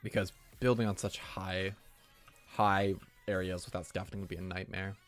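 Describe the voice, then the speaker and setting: A man's voice: low voice, little pitch movement, normal speed, soft background music. A young man giving casual commentary while building in a game, thinking aloud and joking at his own expense. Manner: chatty, thinking aloud, self-mocking. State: hiccups. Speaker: streamer.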